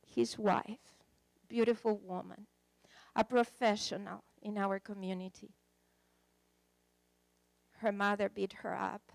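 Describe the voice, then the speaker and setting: Emotive woman preaching, higher voice. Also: slow, pauses often, no room sound. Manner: emotive, dramatic storytelling with swings in loudness. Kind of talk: sermon with counseling story.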